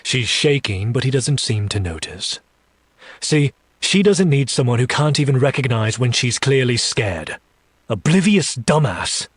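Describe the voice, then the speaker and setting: A man narrating a dark romance audiobook, reading slowly and seductively and voicing a demon in first person. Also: medium pitch, expressive, slightly rough, no echo.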